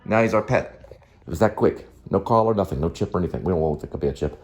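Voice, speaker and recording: A man's voice: deep voice, fast, a little mellow. A man hosting a casual vlog from his apartment, rambling and interrupting himself as he jumps between topics, filmed on a handheld phone. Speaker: vlog host. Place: apartment indoors. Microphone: handheld phone camera selfie.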